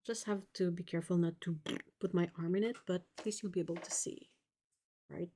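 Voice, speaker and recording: Mellow-voiced woman chatting while painting. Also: fairly low pitch, steady tone, brisk, slight background noise. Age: 40s. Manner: chatty, reads viewer comments aloud, laughs at own jokes. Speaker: art livestream host. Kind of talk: casual live-stream chat while painting.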